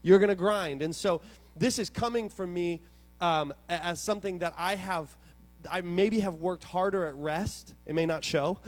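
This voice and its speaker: Man, pastor, sermon, animated storyteller, raised pitch, quiet-to-loud swings.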